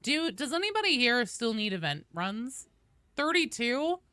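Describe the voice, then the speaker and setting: A woman game streamer chatting casually and excitedly on a live stream, greeting viewers by name as she plays. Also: a little high, a little slow, clear, resonant tone, no echo.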